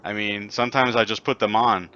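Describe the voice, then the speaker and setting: A man's voice: on the low side, fairly even intonation, a little fast, bright, forceful tone, dull audio. A man co-hosting a casual chat show, easygoing and upbeat, sharing his own conference habits. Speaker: podcast co-host.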